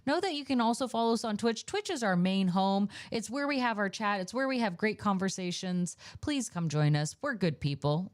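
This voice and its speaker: Chatty young woman streamer signing off. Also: fairly high pitch. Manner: chatty and playful, baby-talks to her dog. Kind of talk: casual end-of-stream chat.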